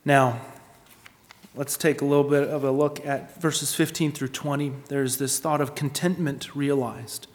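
A man preaching a sermon with earnest emphasis, rising in volume on key points and dropping low for questions. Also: steady tone, measured pace. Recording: long hall reverb.

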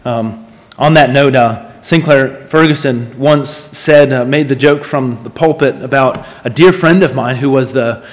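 A man preaching a sermon and reading scripture from the pulpit, with expressive, varied emphasis. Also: medium pitch, measured pace. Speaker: pastor. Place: church sanctuary. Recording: long reverb of a church hall.

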